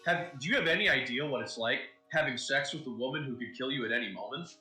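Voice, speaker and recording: Bright-voiced man playing a tabletop game. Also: mid-range voice, lively intonation, echoey room, faint music behind. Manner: halting, filler-heavy, laughs often. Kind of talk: casual role-play chat.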